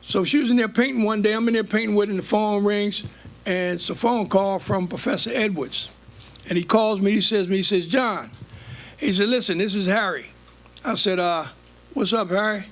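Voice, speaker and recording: Telling life stories from the stage as a guest speaker, this older man from the United States has a high voice and speaks a little fast. His delivery is animated, and he plays out the dialogue he quotes.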